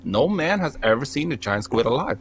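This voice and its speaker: Here a young Cambodian man speaks at medium pitch and a little fast, spinning a lengthy funny tale for his friends. It's profane, comedic storytelling, full of heavy swearing and animated performances of the quoted lines.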